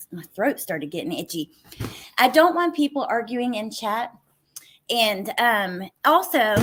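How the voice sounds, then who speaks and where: A woman's voice: medium pitch, fairly bright tone. A woman hosting a true crime livestream from home, chatting casually, greeting viewers by name and laughing easily. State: a little out of breath. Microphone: computer mic at desk.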